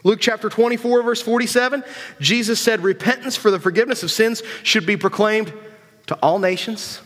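A man's voice: high voice, fairly quick, fairly bright tone. A man giving a casual, conversational sermon to young people, repeating himself and asking rhetorical questions. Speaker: preacher. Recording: long hall reverb.

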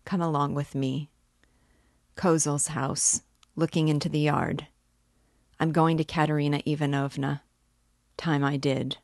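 A woman's voice: deep voice, fairly even intonation, unhurried, gravelly, pauses often, darkish tone, no room sound, studio quality. A woman reading as a drunken, despairing old clerk. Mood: pleading. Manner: pleading, rambling confession. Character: drunken middle-aged male clerk, despairing.

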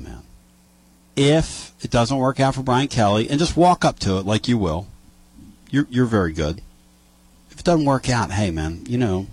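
Male sports talk host, animated storyteller, husky edge, dry sound. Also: no echo. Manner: animated storyteller, lively pitch. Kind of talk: casual radio chat.

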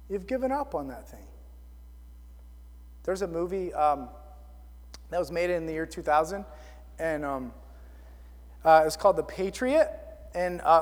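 A man's voice: sits high, in a large hall. A man preaching a casual sermon as pastor, telling a film story with self-deprecating asides.

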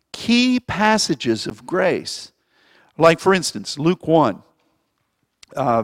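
A man's voice: medium pitch, dry recording, clean studio sound, long reverb tail. A man preaching a sermon as pastor, rambling and anecdotal, often restarting his phrases. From Springfield, Missouri.

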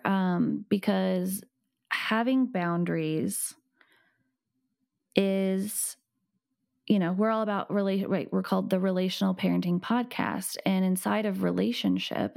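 This is a woman co-hosting a parenting podcast. Her voice sits fairly low and carries a gravelly fry, and she explains each idea patiently and step by step. The recording is close and dry. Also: warm tone, dry recording.

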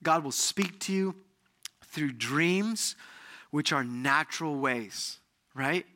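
Bright-voiced man preaching a lively sermon. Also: on the high side, slow. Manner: animated storytelling, acts out quoted voices. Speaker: pastor. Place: church sanctuary.

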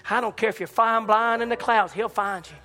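Male preacher, fiery sermon delivery, high bright voice, soft organ underneath. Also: fairly even intonation, a little fast. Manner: impassioned, rising to shouts and dropping low. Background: church organ chords.

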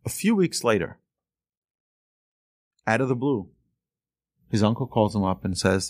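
A man teaching a Torah lesson through a lively story, acting out the voices of the people in it. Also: on the low side, measured pace, pauses often, no echo, clean studio sound. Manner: animated storyteller, acts out voices. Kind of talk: storytelling sermon.

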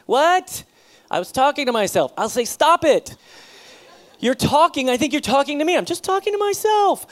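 A middle-aged man, a pastor, telling a personal story in a sermon, acting out the dialogue with sudden loud bursts. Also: on the high side.

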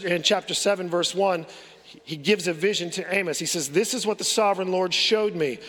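Guy preaching a sermon, earnest, lots of questions, slightly high voice, big echoey hall. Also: a bit bright. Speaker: pastor. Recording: long hall reverb.

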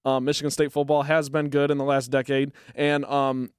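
A man's voice: mid-range voice, completely flat delivery, clear, resonant tone, no echo. A man in casual sports chat who throws in short quips and dry jokes. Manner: quick interjections, dry humor.

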